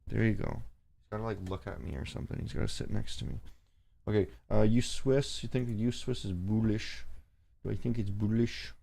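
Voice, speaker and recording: A forex trading livestream host with a fairly low, gravelly, dark voice talks fairly quickly over slight background noise. In casual commentary he rambles and swears over charts while addressing his chat and shooing his cat.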